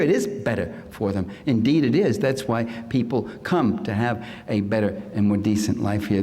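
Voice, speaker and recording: A man's voice: medium pitch, a little mellow, big-room sound. An older man giving a public lecture in a sardonic, mocking manner, sometimes putting on comic voices. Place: lecture hall.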